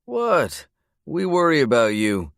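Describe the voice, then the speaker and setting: A man's voice: on the high side, very animated, slow pace, vocal fry, fairly bright tone, no room sound, clean studio sound, pitched above the performer's own voice, full character voice. A man voicing a cocky, amused young father teasing his brother. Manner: amused, smug.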